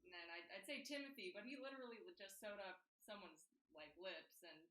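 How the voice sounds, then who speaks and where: A woman plays her character in a tabletop game with a bright, lively voice that swoops up and down. She hesitates often, filling gaps with ums, and sounds roomy and set back from the mic. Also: medium pitch, a little fast. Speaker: player. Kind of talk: in-character tabletop role-play.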